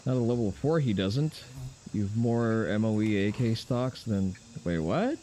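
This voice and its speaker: Lowish mellow guy streaming a game, swearing casually, faint crickets behind. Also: animated, measured pace, a little hiss or hum. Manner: loose, profane, wry asides to chat. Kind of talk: casual gameplay commentary.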